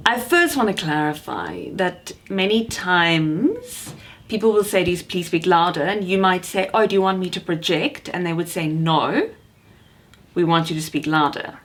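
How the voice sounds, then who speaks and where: A woman's voice: lowish voice, animated, normal speed, a little hiss or hum. A voice coach and actor, a woman, teaching how to project the voice, speaking emphatically and encouragingly. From South Africa. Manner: emphatic, encouraging, demonstrates shouting. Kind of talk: vocal coaching lesson to camera.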